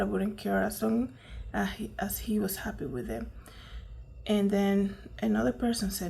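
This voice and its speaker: A woman's voice: medium pitch, creaky, darkish tone, husky. A woman giving casual, indignant commentary, full of fillers and rhetorical "right?" questions. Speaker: commentary vlogger.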